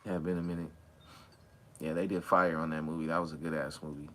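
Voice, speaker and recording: A man hosting a relaxed livestream chat, talking in a slangy, drawling way while high. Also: fast. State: high from smoking. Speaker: livestream host. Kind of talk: casual chat with live chat viewers. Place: outdoors or near an open back door, windy. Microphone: phone.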